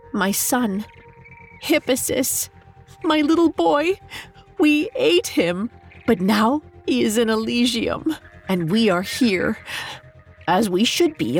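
A woman's voice: on the high side, slightly rough, pitched above the performer's own voice, exaggerated voice. A woman voicing a grieving mother turned into a bat, tearful and strained in a storybook tale.

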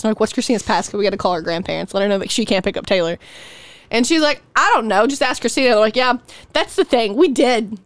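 A young woman tells a rowdy story on a podcast, swearing freely and slipping into quick impressions of the people in it. Her voice sits a little high. The sound is close and dry, with no room around it. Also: no room sound. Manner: profane, animated storytelling with acted quotes. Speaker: podcast host. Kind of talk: casual storytelling chat.

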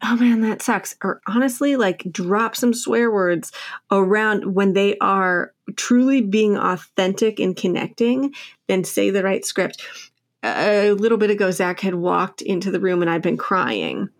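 A woman's voice: mid-range voice, unhurried. Chatty candid woman guest. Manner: candid, chatty, laughs often. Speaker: author and guest. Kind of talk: casual podcast conversation.

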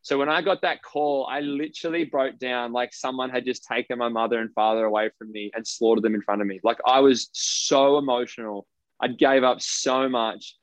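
An Australian man speaks at an ordinary middle pitch, blunt and emphatic, dropping swear words without a second thought. The sound is dry and a little dull, like a lo-fi recording with no room around it. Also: no echo. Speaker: professional basketball player guest. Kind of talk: casual interview storytelling.

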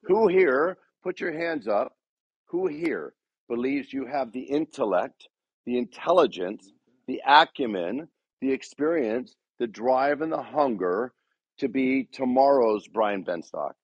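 A man's voice: medium pitch, expressive, a little slow, husky, dry recording, lo-fi sound. A man giving a motivational talk to a sales team, rousing the room with repeated rhetorical questions. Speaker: speaker addressing a dealership sales team.

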